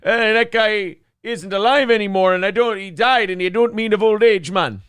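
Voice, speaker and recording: A man's voice: high voice, moderate pace, fairly bright tone, smooth, no room sound. A man putting on a goofy mock-Jamaican Minnesotan character, a boastful, mock-tough bartender pal, in exaggerated patois. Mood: clowning.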